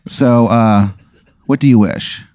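A man hosting a podcast, spinning an improvised comic story in a loose, animated way, full of "like" and swearing. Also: medium pitch, slow, dry recording, clean studio sound. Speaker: podcast host.

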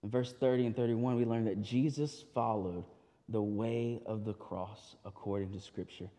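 A man's voice: fairly low pitch, steady tone, moderate pace, warm tone. A man preaching a sermon as pastor, talking in a loose, conversational way with restarts and asides. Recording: long hall reverb.

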